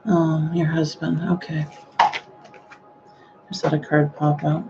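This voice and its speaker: A woman giving a live-streamed psychic reading, speaking gently and hesitantly with frequent sighing exclamations. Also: low voice, flat delivery, slow, highs cut off, very noisy. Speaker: psychic medium.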